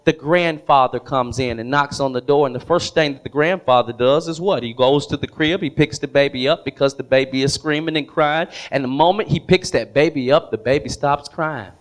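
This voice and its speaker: A man's voice: mid-range voice, fairly quick, hardly any pauses. A man preaching a sermon to a congregation, telling a story and asking the room questions. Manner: storytelling preacher who repeats words and asks the congregation questions. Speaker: pastor. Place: church hall with congregation.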